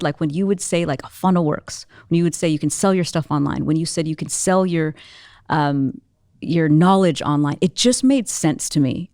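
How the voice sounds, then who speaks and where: A young woman with a slightly low voice talks as a guest in a relaxed interview. She tells her story earnestly and with animation, piling on fillers as she goes. The sound is close and dry, with no room around it. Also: no room sound. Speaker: entrepreneur guest. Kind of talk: casual interview conversation.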